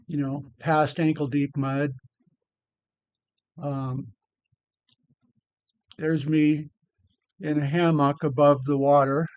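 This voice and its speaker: A man's voice: on the high side, a little mellow, smooth, no room sound, dull audio. Rambling older man, dry and close. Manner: rambling, repeats words, blunt. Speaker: vlogger. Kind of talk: casual commentary over photos.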